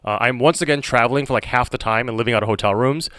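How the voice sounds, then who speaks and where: A male streamer chats on a call while he plays, deadpan and teasing, growing exasperated. His voice sits at a middle pitch. The sound is dry and close. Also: fast, no echo.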